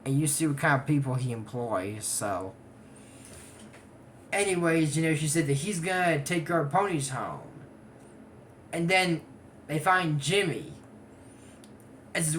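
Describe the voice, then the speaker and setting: A young adult in their twenties recaps a cartoon episode in loose, casual commentary and keeps wandering into side remarks. The pitch swings up and down all the time. A faint hiss sits behind the voice. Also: expressive, unhurried, long pauses, fairly bright tone. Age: 20s. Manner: rambling, digressive asides. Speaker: anime episode reviewer.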